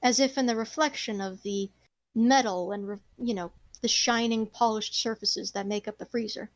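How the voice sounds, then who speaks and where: High-voiced woman game master. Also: normal speed, no room sound. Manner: rambling, expressive, swears casually. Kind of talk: narrating a tabletop game.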